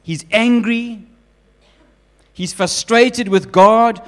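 A man preaching a sermon with emphatic, animated delivery, often building up repeated lists. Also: high-pitched, slow. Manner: acts out quoted voices of God and Jonah.

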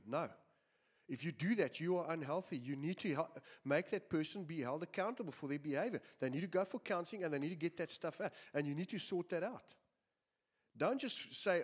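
Male pastor, emphatic repeating sermon delivery, slightly higher voice. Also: animated, moderate pace, breathy edge. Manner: earnest, emphatic preaching with repeated phrases.

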